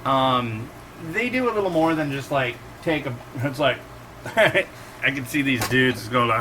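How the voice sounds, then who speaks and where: A man's voice: medium pitch, animated, unhurried, noisy background. A man in his forties hosting a casual cooking and noodle review vlog, rambling from topic to topic. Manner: rambling and digressive, acts out quotes. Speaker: instant noodle reviewer and host.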